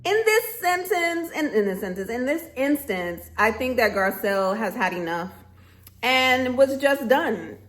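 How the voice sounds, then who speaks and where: A woman's voice: on the high side, very animated, unhurried, fairly bright tone. A woman ranting to camera in a casual vlog, sassy and emphatic, often breaking into laughter. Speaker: vlogger reviewing a reality show.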